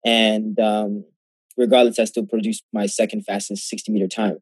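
Young male guest, husky, low voice, lively storyteller, dry sound. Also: normal speed, no echo. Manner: animated, acts out quoted exchanges. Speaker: guest athlete. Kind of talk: casual storytelling interview.

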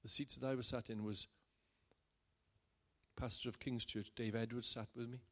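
Male pastor, mid-pitch, chatty sermon testimony with loud emphatic peaks. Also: level tone, moderate pace. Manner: conversational storytelling, building to loud emphatic bursts.

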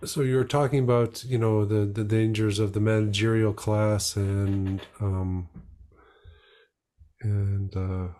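Casual low-voiced male host. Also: little pitch movement, mellow. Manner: casual and halting, with many fillers. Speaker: podcast host. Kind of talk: conversational podcast interview.

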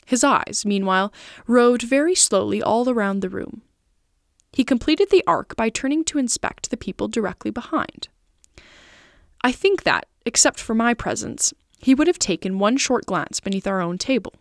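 A woman narrating a classic novel aloud in an even, clear storytelling manner. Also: a little high, normal speed, no echo, studio quality. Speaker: podcast reader. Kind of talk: scripted narration.

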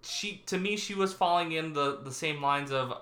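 A man with a slightly high, somewhat bright voice speaks at a normal pace while co-hosting a casual political podcast. The room is echoey, and his talk is rambling, with restarts and laughter at his own jokes.

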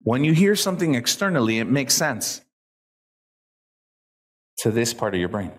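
Animated, swearing motivational speaker man. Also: medium pitch, normal speed, husky. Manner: animated, profane, acts out quoted people. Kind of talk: live motivational talk to an audience.

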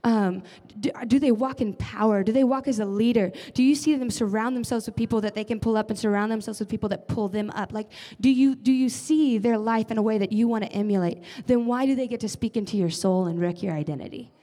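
A woman's voice: a little high, a little fast, hardly any pauses, warm tone. A young woman giving an earnest, conversational sermon as a church leader, often adding casual fillers. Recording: long reverb of a large hall.

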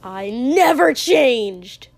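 A woman's voice: on the high side, expressive, very slow, creaky, no room sound, full character voice. A woman reading a story aloud, voicing a violent, bitter teenage boy who screams and spits insults. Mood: defiant.

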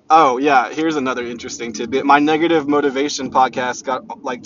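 A man's voice: fairly high pitch, fairly bright tone, slight background noise. A man hosting a rambling solo motivational podcast, talking in a brash, profane way. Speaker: podcast host. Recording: dull lo-fi recording.

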